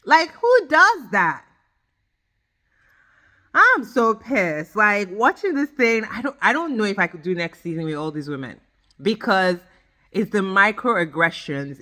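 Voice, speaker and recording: A woman giving a ranting recap of a reality show, emphatic and blunt, swearing freely and talking straight to her viewers. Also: medium pitch. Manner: emphatic, animated, addresses viewers directly. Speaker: reality TV reviewer.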